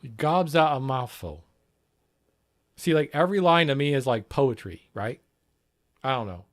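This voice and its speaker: A man's voice: mid-range voice, expressive, normal speed. Rambling, profane male streamer. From not Britain. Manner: rambling, profane, reacts and repeats lines. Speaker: livestream host. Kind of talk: casual reaction chat.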